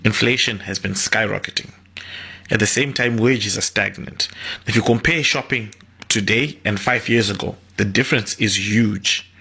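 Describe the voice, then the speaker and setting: A man's voice: fairly low pitch, moderate pace, vocal fry, sharp tone, breathy edge. A man in a commentary vlog, measuredly listing rising costs.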